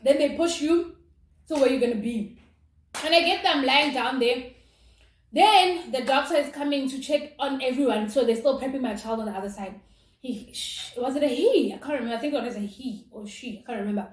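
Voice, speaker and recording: High-voiced woman vlogging. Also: fairly quick. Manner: animated, dramatic retelling. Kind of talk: casual storytime. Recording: roomy with faint noise.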